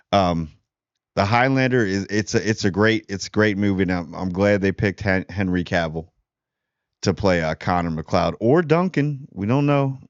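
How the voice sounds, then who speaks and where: Guy with a lowish voice chatting loosely about films, keeps restarting sentences, kinda muffled dry recording. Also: no room sound. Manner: rambling, restarts and self-corrections. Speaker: movie channel host. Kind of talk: casual movie commentary. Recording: dull lo-fi dry sound.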